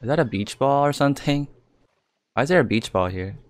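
A man's voice: mid-range voice, animated, a little fast, no room sound. A young man narrating his own gameplay, thinking aloud, reacting often with exclamations and swearing. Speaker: gaming YouTuber. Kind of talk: live game commentary.

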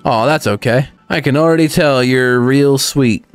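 A man's voice: medium pitch, moderate pace, no room sound, soft background music, lightly acted. A man reading the lines of a friendly, cheerful cartoon dog in a video game. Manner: reading game dialogue aloud.

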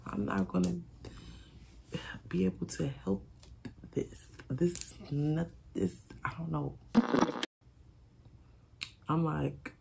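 Woman, casual storytime vlog, very gravelly fry, candid and profane, faint background hiss. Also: on the low side, slow pace, long pauses, warm tone. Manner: candid, swearing, repeats herself, quotes friends dramatically.

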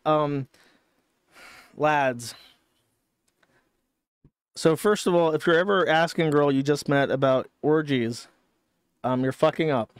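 Male stream host, slightly high and crisp, dry close sound, casual profane sardonic delivery. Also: slow pace, long pauses, dry recording. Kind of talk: commentary stream.

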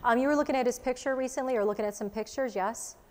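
A woman's voice: fairly high pitch, a little mellow. A woman working as a psychic medium, chattily giving live readings to a studio audience. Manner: chatty, quick, relaying messages in asides. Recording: long reverb in a studio hall.

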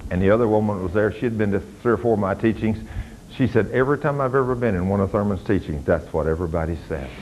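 An older man, preaching a sermon as a pastor and rising to loud, fervent commands. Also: on the low side, quick pace, slight background noise, rough recording.

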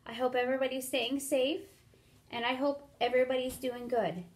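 A woman reading a picture book aloud to children, pausing to count along and ask them questions. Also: high-pitched, level tone. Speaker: storyteller for children.

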